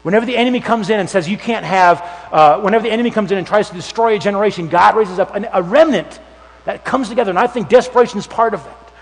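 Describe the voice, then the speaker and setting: Youth pastor guy preaching, high voice, big echo in a church hall, acts stuff out. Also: fast. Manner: animated storytelling, acts out voices with shouts and whispers. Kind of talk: sermon. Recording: long hall reverb.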